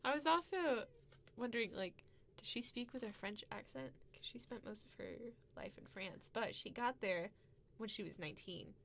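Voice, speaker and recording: A podcast co-host chats casually and tells an anecdote, giggly and animated, laughing frequently. Her voice is a little high with vocal fry at a moderate pace, and there's a slight hiss or hum in the recording.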